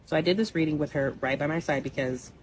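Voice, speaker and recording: Young woman storyteller, low voice, rapid-fire, blunt and animated. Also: slight background noise, poor audio. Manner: blunt, animated, conversational with asides. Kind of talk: casual personal storytelling.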